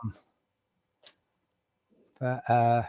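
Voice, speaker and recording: A man's voice: mid-range voice, monotone, very slow, mellow, smooth, no echo, dull audio. A man with a Norfolk accent hosting a live stream, talking in a chatty, rambling, self-deprecating way. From Norfolk, England. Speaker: stream host. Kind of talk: casual live-stream chat.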